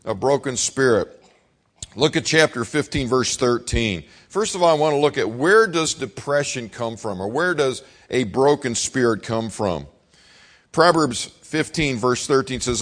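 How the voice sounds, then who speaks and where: A man's voice: mid-range voice, lively intonation, unhurried. Folksy middle-aged male preacher. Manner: folksy, conversational, acts out his father's shouting. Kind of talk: sermon with personal storytelling.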